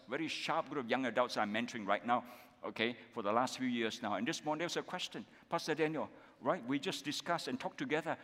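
A man's voice: medium pitch, a bit bright, long reverb tail. A man with a Malaysian accent preaching a sermon as pastor, emphatic and repetitive, often tagging his points with "isn't it?" and "okay?". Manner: emphatic, repetitive, with frequent tag questions.

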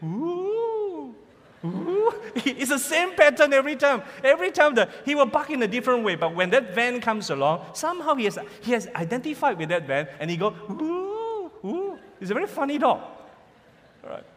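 A male preacher with a high, very lively voice delivers a sermon in an animated, playful manner. His voice carries a long hall reverb. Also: quick pace. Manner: animated, playful, imitates sounds for the crowd.

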